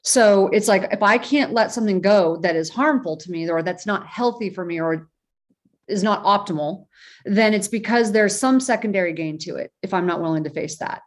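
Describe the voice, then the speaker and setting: A woman's voice: mid-range voice, normal speed. Reflective woman author talking openly. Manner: earnest, reflective, with fillers and restarts. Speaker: guest, author. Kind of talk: casual interview talk.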